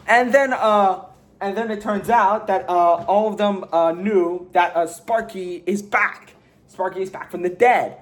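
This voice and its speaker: Guy with a pretty high voice doing a casual movie review, rambly, lots of uh and so then. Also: measured pace. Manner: rambling, filler-heavy storytelling; slangy, offhand.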